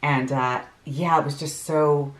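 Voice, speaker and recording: A woman's voice: sits low, fairly even intonation, measured pace, reverberant. A middle-aged woman vlogger telling a long personal story in a casual, rambling way, laughing often and using lots of fillers. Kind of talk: casual storytelling while getting ready.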